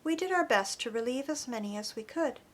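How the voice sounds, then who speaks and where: A woman reading an audiobook chapter in an earnest, expressive narration. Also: high voice, fairly quick. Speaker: audiobook reader. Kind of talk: scripted narration.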